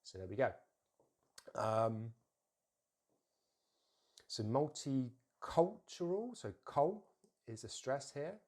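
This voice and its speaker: Man teaching English pronunciation, slow and deliberate. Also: mid-range voice, big pitch swings, darkish tone. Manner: slow, deliberate model words, repeated for practice. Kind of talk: pronunciation lesson.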